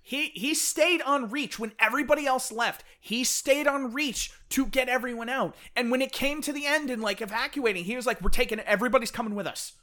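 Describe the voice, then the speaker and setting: A man co-hosting a casual podcast chat, animated, often acting out characters' lines. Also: very high-pitched. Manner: animated, fast-talking enthusiast who acts out characters' lines. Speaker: podcast co-host. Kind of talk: casual chat about books.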